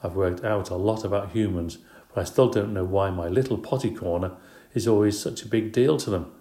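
A man's voice: lowish voice, a little fast, dark tone, echoey room. A man narrating a children's story in the first person, in a light, chatty, playful way. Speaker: audiobook narrator.

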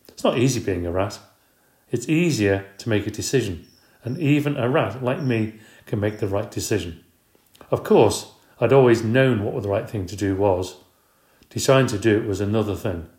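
A man reading a children's book aloud in a steady, expressive way. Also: fairly low pitch, normal speed. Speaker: storyteller. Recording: roomy echo.

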